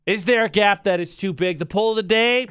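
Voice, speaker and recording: A man's voice: sits high, fairly quick, fairly bright tone, clear, resonant tone, dry recording. A man in his thirties co-hosting a morning radio show, bantering in a jokey, rambling, playfully indignant way from a radio studio. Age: 30s.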